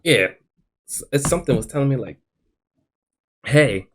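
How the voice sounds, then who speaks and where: A man's voice: medium pitch, moderate pace. A young man hosting a podcast, telling a rambling story in casual slang and acting out what people said. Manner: rambling, animated, slangy, acts out quotes. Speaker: podcast host.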